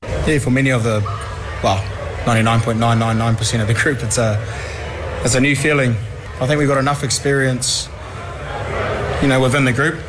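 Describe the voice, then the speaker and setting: A man speaking as a rugby team co-captain, steady and grounded as he answers the press. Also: medium pitch, fairly quick, pauses often, background noise. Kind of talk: press interview.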